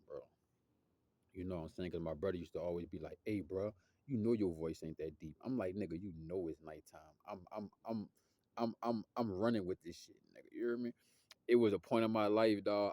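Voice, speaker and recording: Deep-voiced, slangy man rambling on camera. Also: brisk, mellow, dry recording. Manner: loose, slangy street talk, drifts off topic. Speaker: musician vlogger. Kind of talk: casual rambling monologue.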